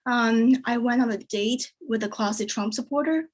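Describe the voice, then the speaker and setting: Deadpan woman doing stand-up, higher voice. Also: normal speed. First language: Chinese. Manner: deadpan delivery, jumps high for quoted voices. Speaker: stand-up comedian. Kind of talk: stand-up comedy set.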